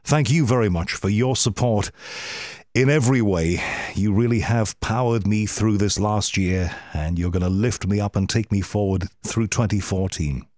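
A man with a fairly low voice hosts an interview podcast, chatting casually. He stumbles into restarts and piles on the thanks. The sound is dry and close to the mic. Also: normal speed, a little mellow, no echo. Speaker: podcast host.

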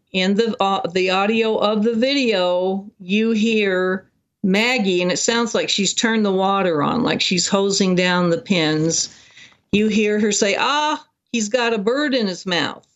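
Guest speaker, mid-pitched voice, animated detailed storyteller, interview setting.

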